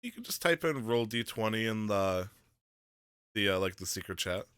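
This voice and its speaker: A man's voice: fairly low pitch, animated, moderate pace, fairly bright tone, clear, resonant tone, dry recording. A man from Michigan hosting a podcast, joking around and laughing easily in casual chat. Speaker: podcast host.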